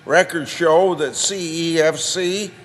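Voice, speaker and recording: An older man, a senator, reading a prepared floor speech in a slow, halting way, restarting words and marking each quotation. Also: a little high, fairly even intonation. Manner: slow, halting delivery with restarts and careful quoting. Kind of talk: prepared speech read aloud. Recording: long reverb of a large chamber.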